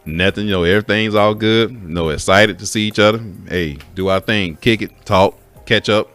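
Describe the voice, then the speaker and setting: A man with a very low voice recounts a personal story in a loose, candid way. He swears freely and addresses his listeners directly as folks. Faint music plays underneath. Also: fairly even intonation, moderate pace, fairly bright tone. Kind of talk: casual spoken story.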